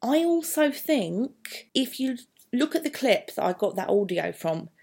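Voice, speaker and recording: A woman's voice: fairly high pitch, sing-song, measured pace, vocal fry, darkish tone, husky. Chatty woman teaching poetry analysis. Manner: chatty, thinking aloud with many asides. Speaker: English teacher.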